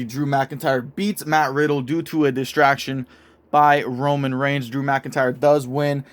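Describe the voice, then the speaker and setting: A young man casually narrating a made-up wrestling storyline in an excitable, profane play-by-play manner. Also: mid-range voice. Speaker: show host narrating a toy wrestling storyline.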